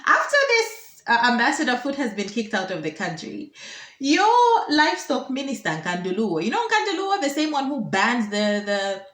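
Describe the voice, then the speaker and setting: A woman's voice: a little high, sing-song, moderate pace, a bit bright. A woman chatting in casual commentary, amused and laughing often. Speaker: vlogger. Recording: roomy echo.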